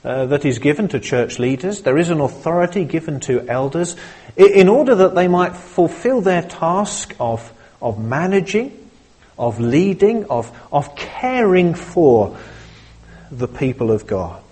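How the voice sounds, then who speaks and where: Slow, husky-voiced male preacher. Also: fairly high pitch, very animated, darkish tone. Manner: measured, earnest preaching with small restarts. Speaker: pastor. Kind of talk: sermon.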